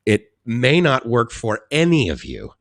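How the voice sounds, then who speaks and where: A middle-aged man hosting a live stream, talking casually and rambling, laughing often and swinging between soft musing and excited high bursts. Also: a little slow, no echo, studio quality. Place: indoors at home.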